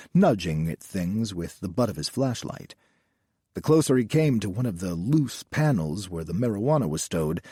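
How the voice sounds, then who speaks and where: A man narrating an audiobook in a tense, measured way, with a husky voice. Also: on the low side, warm tone, no room sound, clean studio sound.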